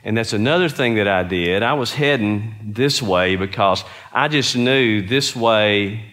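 A man's voice: fairly low pitch, a little slow, a bit bright. A middle-aged man preaching a conversational sermon, telling stories and putting earnest questions to his listeners. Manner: earnest, storytelling, asks the audience questions.

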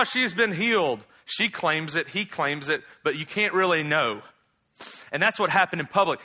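A man preaching a sermon in a conversational way, acting out bible scenes with slangy asides and loud, high exclamations. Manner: rises to loud, high exclaims when animated. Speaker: pastor.

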